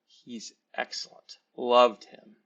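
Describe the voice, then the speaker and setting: A man's voice: mid-range voice, little pitch movement, takes it slowly, gravelly, a bit bright. Man doing a fretful, price-conscious woman shopper. Talky, slightly muffled sound. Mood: chatty, fretful. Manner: chatty, hesitant, fretting over price. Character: fussy budget-minded female shopper.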